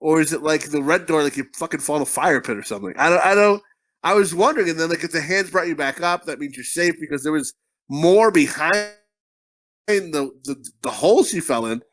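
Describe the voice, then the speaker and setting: A man co-hosting a comedy podcast, with a voice a little higher than most men's. He rambles through crude, profane stories. His talk is packed with "like" and loose restarts. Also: expressive, fairly quick, fairly bright tone. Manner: rambling, profane, full of fillers and laughter. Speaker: podcast co-host. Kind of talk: casual crude comedy chat.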